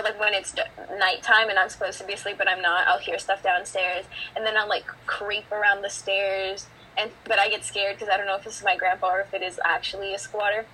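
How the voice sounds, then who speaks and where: A woman's voice: medium pitch, bright, forceful tone, a little hiss or hum, rough recording. A teenage girl chatting casually on a podcast, winding through her thoughts with lots of fillers. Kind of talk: casual chat.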